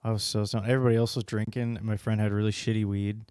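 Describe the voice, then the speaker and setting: A man's voice: lowish voice, level tone, fast, a little mellow, clean tone, no echo, studio quality. A man co-hosting a podcast, casual rambling chat, laughing often and swearing freely. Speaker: podcast co-host.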